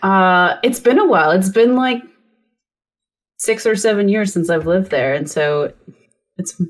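A woman co-hosting a casual podcast chat, relaxed and quick to laugh. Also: mid-range voice. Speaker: podcast co-host.

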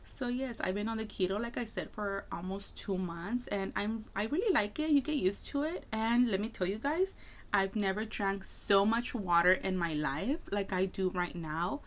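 A woman's voice: medium pitch, moderate pace. A woman makeup vlogger chatting casually while getting ready, rambling with lots of filler words. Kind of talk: casual get-ready-with-me chat.

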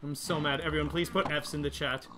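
A young man streaming a video game live, chatting with his viewers, reading their messages and yelling in frustration when things go wrong. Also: fairly high pitch, quick pace, crowd noise. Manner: excitable, yells in frustration when dying; reads and answers chat. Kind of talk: live gaming stream commentary.

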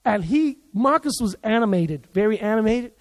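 Preaching at normal speed to his congregation in a very high-pitched voice, a pastor tells a story as part of his sermon. He performs it animatedly, voicing the people in it himself, while the big hall adds long reverb to the sound of the church service.

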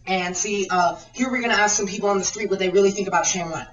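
A woman doing a parody infomercial pitch, rambling and repeating herself. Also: fast talker, dull audio. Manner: rambling, repetitive sales patter. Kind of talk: mock infomercial. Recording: echoey room, far from the mic.

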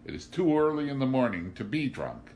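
A man's voice: medium pitch, very animated, a little fast, a little mellow, slight background noise, voice pushed up. A man voicing a vagabond who sounds scandalized and prim.

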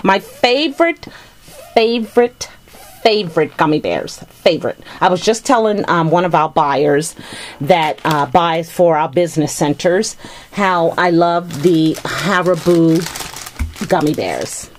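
Opening a gift package on camera, this middle-aged vlogger speaks slowly in a low voice. She chats easily and pours out thanks for every item she pulls out.

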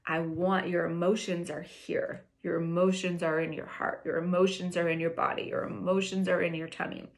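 A woman coaching listeners through an emotional release exercise, giving slow, soothing prompts and sometimes dropping to a soft whisper. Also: lowish voice, little pitch movement, gravelly.

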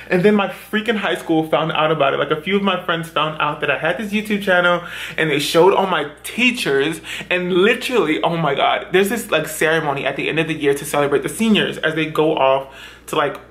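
A man's voice: fairly high pitch, a little fast, fairly bright tone. A young adult man chatting through a hair tutorial, dramatic and self-mocking as he tells embarrassing stories. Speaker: beauty vlogger. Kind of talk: chatty get-ready-with-me storytime.

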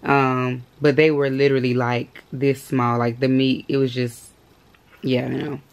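A young woman in her twenties with a hoarse, worn-out voice, chatting casually to her vlog viewers. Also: rumbling low, little pitch movement, a little slow. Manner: chatty, storytelling, slangy. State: hoarse, lost voice. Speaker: vlogger.

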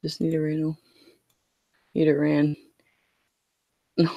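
A man's voice: on the high side, steady tone, unhurried, creaky, long pauses, no room sound, muffled recording. A young man streaming a card game, complaining in a whiny, mock-scared way. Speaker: gaming streamer.

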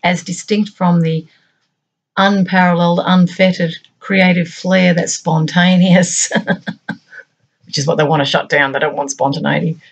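A middle-aged woman hosting her own channel, musing aloud in a reflective monologue of short, halting phrases. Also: on the low side, fairly even intonation, lo-fi sound. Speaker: channel host.

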